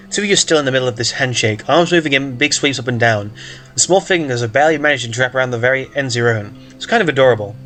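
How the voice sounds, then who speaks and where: A man's voice: mid-range voice, very fast, fairly bright tone, faint music behind. A man casually reading a story aloud, breaking off for jokes and asides, stumbling over words. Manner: joking, self-interrupting, stumbles and hiccups. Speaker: reader of a story game.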